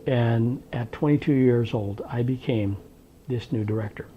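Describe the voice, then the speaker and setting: An older man telling an oral history of his working life, animated and acting out the dialogue he quotes. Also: medium pitch, measured pace, slight background noise. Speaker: interviewee recounting his work history. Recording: dull lo-fi recording.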